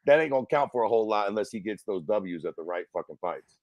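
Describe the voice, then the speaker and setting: A man's voice: fairly low pitch, lively intonation, quick pace, a little mellow, no echo. A man co-hosting a fight podcast in casual chat, blunt and drawling with heavy cursing. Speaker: MMA podcast co-host.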